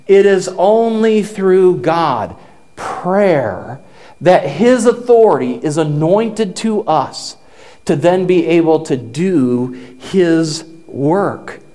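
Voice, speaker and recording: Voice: mid-range voice, expressive, very slow, mellow. A pastor preaching a sermon to a congregation, building emphasis through repeated phrases that rise and fall. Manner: emphatic, repetitive preaching with rises and falls.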